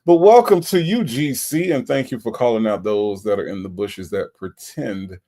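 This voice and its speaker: A man's voice: lowish voice, moderate pace, dark tone. A laid-back man from Florida, hosting a casual livestream chat and reading out viewer comments. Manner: laid-back, chatty, repeats himself, playful. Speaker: livestream host.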